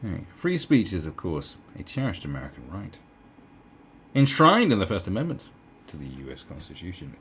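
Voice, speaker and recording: A man's voice: low-pitched, huge pitch swings, fairly quick, fairly bright tone, slight background noise. A man delivering a heated, profane commentary rant, full of stumbles and restarts. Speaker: commentary vlogger. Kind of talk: ranting commentary.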